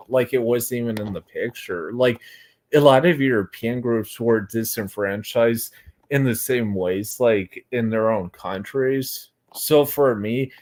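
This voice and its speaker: A young American man, a livestream interview guest, talking hesitantly and rambling with many fillers and restarts. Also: mid-range voice. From United States. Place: Florida.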